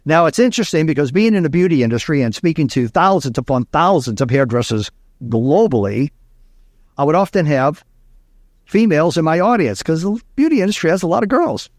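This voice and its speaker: A man's voice: on the high side, big pitch swings, brisk, darkish tone, no room sound, studio quality. A man from Louisiana, a speaking coach telling stories in an interview, emphatic and repeating key lines. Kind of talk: interview storytelling.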